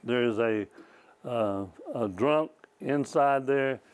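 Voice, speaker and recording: A man's voice: medium pitch, takes it slowly, smooth, low-quality recording. An older man, a former state trooper giving a rambling, folksy presentation at a small library talk, often repeating words as he goes. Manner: rambling, repeats words, chuckles at his own stories. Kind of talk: folksy storytelling lecture.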